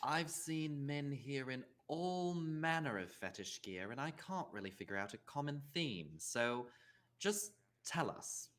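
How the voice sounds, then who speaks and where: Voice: mid-range voice, expressive, measured pace, fairly bright tone. A player voicing a famous woman smuggler in disguise, polite and evasive. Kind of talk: voicing a character in a tabletop game.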